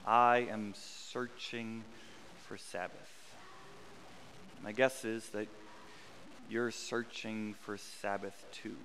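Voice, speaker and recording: A man's voice: fairly low pitch, flat delivery, slow, long pauses, fairly bright tone, long reverb tail, a little hiss or hum. A man in his thirties preaching a sermon, in a conversational tone with self-deprecating humor, repeating phrases for emphasis. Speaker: pastor. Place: church sanctuary.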